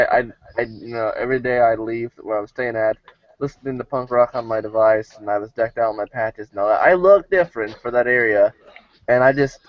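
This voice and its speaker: A man's voice: medium pitch, dry recording. A man telling a story in a laid-back way, swearing freely in a casual podcast chat. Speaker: podcast co-host. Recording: dry, dull lo-fi sound.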